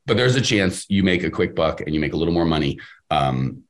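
A man in casual podcast conversation, giving business advice with an emphatic, animated delivery and playing out the voices he quotes. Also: a bass voice, fairly quick. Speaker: podcast host and business coach.

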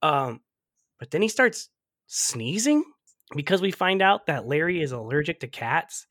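A man on a podcast recapping a movie in casual chat, telling it with lively energy, laughing often and swearing freely. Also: fairly high pitch, measured pace, no room sound, clean studio sound.

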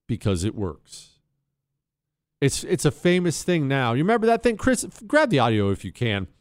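Animated, sarcastic male radio host. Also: mid-range voice, dry recording. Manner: animated and emphatic, sarcastic asides. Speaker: radio talk show host. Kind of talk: opinionated talk radio monologue.

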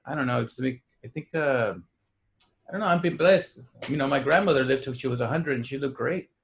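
A man's voice: mid-range voice, brisk, a little hiss or hum. A man in his forties co-hosting a podcast in casual chat, who slips Spanish phrases in and acts out other people's voices. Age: 40s. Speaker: podcast co-host.

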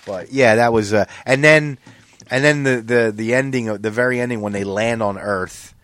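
A man's voice: mid-range voice, moderate pace, a bit bright, dry recording. A middle-aged man hosting a podcast in casual chat, profane and rambling with many restarts. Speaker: podcast host.

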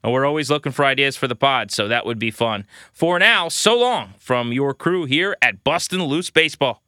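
A man's voice: mid-range voice, lively intonation, moderate pace, pushed and bright, no echo. A man in his thirties co-hosting a sports podcast in a casual, joking way. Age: 30s. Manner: joking, playful. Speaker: podcast co-host.

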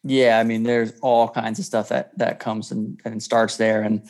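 Relaxed low-key man. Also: unhurried. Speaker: boat captain and guest. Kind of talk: casual interview chat.

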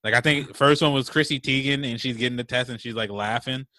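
A young man with a bright, mid-pitched voice in a dry, close recording. He is laid-back and slangy, chiming in and riffing on his friend's story. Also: fairly even intonation, fast talker, dry recording. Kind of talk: casual chat.

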